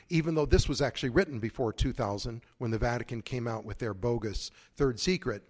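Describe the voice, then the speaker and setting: A man who is a priest, giving a conference talk in a conversational, digressive way with frequent asides. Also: mid-range voice.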